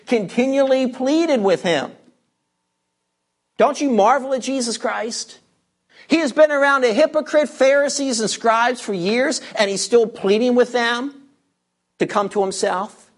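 A preacher giving an expository sermon, walking listeners through scripture verse by verse. The delivery is emphatic and repeats key words, slowing down to stress them. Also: mid-range voice.

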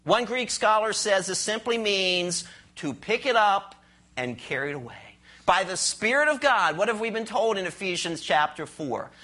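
A man's voice: high-pitched, lively intonation, moderate pace, pushed and bright. A man preaching a sermon, asking his listeners questions, telling a story with voices, and dropping to a near whisper for emphasis. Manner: asks the audience rhetorical questions.

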